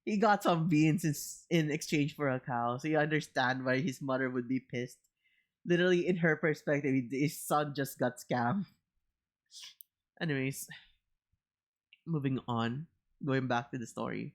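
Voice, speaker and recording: A young woman streamer reading a storybook aloud, breaking off for profane, excitable commentary. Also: a bass voice, measured pace, long pauses. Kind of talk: casual storybook reading on a livestream.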